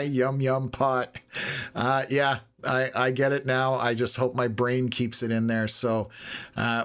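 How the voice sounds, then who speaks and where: A man commentates a live storm tracker in a level, even-pitched voice. He sounds a little hoarse, as if he is losing his voice. He talks at an unhurried pace and fills his pauses with "uh.". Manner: steady, unhurried, lots of "uh" pauses. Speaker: weather stream host.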